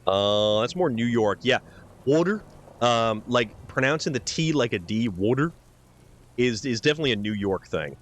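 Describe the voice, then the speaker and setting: A man's voice: medium pitch, fairly quick, few pauses, a bit bright. Male streamer, laid-back and chatty, everyday voice, live gameplay commentary. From New Hampshire. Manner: casual, chatty, says "dude" often. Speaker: game streamer.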